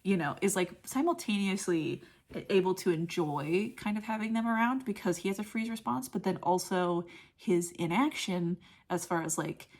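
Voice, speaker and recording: A young woman reviews a film in a casual, chatty way, with plenty of fillers. Her voice is husky and breathy at a middling pitch. She often sinks into a soft whisper. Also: moderate pace. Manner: chatty, filler-heavy, drops into whispers when moved.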